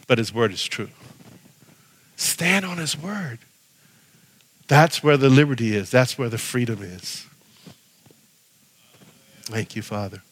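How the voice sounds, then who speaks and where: A man preaching a sermon as pastor, animated, swinging from loud exhortation to hushed prayer. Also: mid-range voice, slow pace, pauses often. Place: church sanctuary. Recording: long reverb of a church hall.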